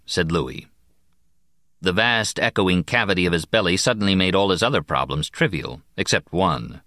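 A man narrating an audiobook in a very deep voice that still rises and falls with plenty of life. He reads in a measured way, slowing down on key words, and the recording is close and dry. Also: expressive, pushed and bright, no room sound. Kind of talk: scripted narration.

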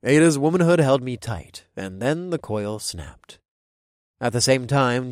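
A man reading a first-person story aloud, his voice rising and falling in lively swings around a middle pitch. The recording is dry and close, with no room sound. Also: no room sound. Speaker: narrator. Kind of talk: first-person scripted narration.

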